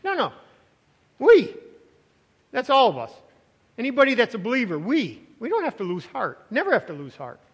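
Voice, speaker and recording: A man's voice: extremely high pitch, sing-song, fast, a bit bright, husky. A man preaching a sermon as pastor, earnest and repetitive, often voicing the doubts of his listeners. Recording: long hall reverb.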